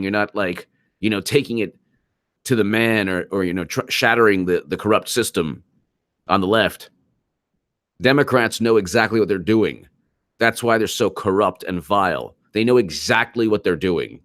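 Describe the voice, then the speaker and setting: A man's voice: lowish voice, fairly bright tone, no room sound. A man hosting a live-stream political commentary show, talking emphatically, repeating himself and answering viewers' comments. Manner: emphatic, repeats himself, reads super chats aloud.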